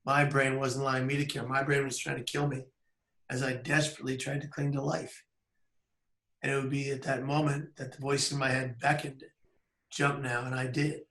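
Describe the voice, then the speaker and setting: A man in his thirties telling a personal story on camera in an earnest, measured way with pauses. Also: medium pitch, flat delivery, a bit bright, echoey room. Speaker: public speaker. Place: outdoors by a bridge.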